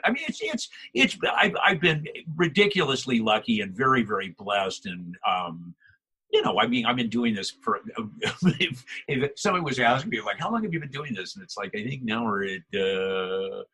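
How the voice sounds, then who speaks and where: An older male voice actor chatting in an interview, animated, laughing often and acting out quotes. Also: fairly low pitch, normal speed, slightly rough. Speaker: voice actor guest. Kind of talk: casual interview chat.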